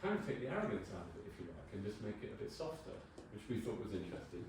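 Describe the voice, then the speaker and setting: A man in his sixties gives a loose, wry conference talk as a designer and swears now and then for laughs. His voice sits fairly low. The mic is some way off in a big, very reverberant hall with faint ambience underneath. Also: big pitch swings, very fast, background noise. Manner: wry, informal, swears for comic effect. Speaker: brand designer giving a talk. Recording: very echoey hall, mic far off.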